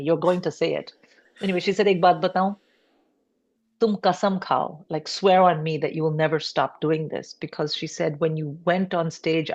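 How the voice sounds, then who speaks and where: Low-voiced woman comedian, animated storytelling. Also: lo-fi sound. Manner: animated, acts out family members' voices, swears casually. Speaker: comedian guest. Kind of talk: podcast interview storytelling.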